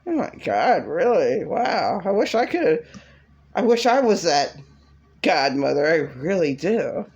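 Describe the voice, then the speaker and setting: A woman vents in a rambling, agitated vlog rant that circles back on itself. She speaks slowly in a fairly low voice. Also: very animated, a little mellow, breathy edge, lo-fi sound. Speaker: vlogger. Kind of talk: casual rant to camera.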